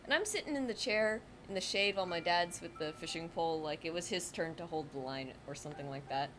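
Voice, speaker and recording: Young woman streamer, lowish voice, rambling live-stream chat with faint room hiss behind. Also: quick pace, fairly bright tone. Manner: rambling, chatty, lots of fillers and self-corrections. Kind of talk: casual storytelling chat.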